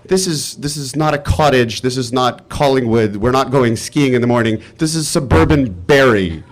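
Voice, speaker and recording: Guy on a stage mic, telling a story all exasperated, mid-pitched, swears a lot. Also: moderate pace. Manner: animated, exasperated, swears freely. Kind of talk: live personal storytelling. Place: live stage event.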